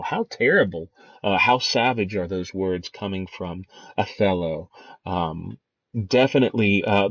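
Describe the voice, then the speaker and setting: A man's voice: on the low side, no echo. A man teaching a lesson on a play, talking casually with many fillers and restarts. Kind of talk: lecture on a play, reading quotes aloud. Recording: dry, dull lo-fi recording.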